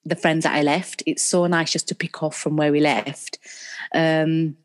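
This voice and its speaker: A woman's voice: low voice, level tone, a little slow. A young woman with a Northern English accent co-hosting a podcast, talking casually and enthusiastically. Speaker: podcast co-host. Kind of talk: casual chat.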